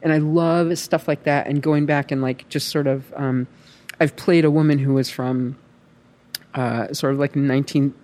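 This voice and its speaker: A woman talks in relaxed casual chat about her acting work. She is animated and rambling, with a lot of fillers and restarts. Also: sits low, normal speed. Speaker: actress.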